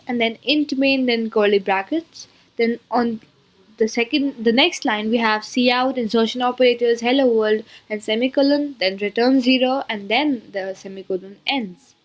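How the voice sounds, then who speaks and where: A woman giving a beginner coding tutorial, explaining step by step and line by line. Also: on the high side. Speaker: programming tutor.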